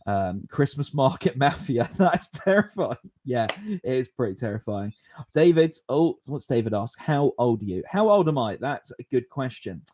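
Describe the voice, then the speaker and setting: A man in his twenties hosting a podcast, telling a rambling story and answering viewer questions in a casual, animated way, with frequent chuckles. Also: mid-range voice, moderate pace. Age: 20s. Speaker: podcast host.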